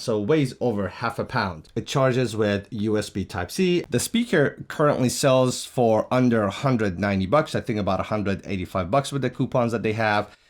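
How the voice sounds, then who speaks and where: A low-voiced man, a product reviewer, gives a casual walkthrough demo of a gadget, plainly explaining its features one by one. He's recorded on a shotgun mic on a stand.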